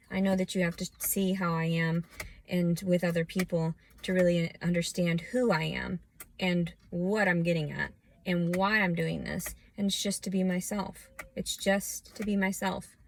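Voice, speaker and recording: A woman vlogging a scattered, profane rant that swings from low muttering into shouting. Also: steady tone, normal speed. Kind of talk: ranting personal monologue.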